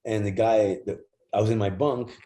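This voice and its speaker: Low-voiced man telling lively stories. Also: normal speed, low-quality recording. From Jamaica. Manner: animated, acts out voices in his stories, swears freely, laughs often. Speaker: guest, former football player. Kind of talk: casual storytelling.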